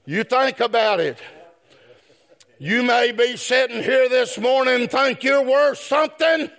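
A man preaching a sermon, swinging from shouted chanted phrases down to low spoken asides. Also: a little slow.

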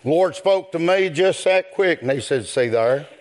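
Older man, preacher, slow rhythmic sermon, somewhat high voice. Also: animated. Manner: rhythmic preaching, rising to a shout.

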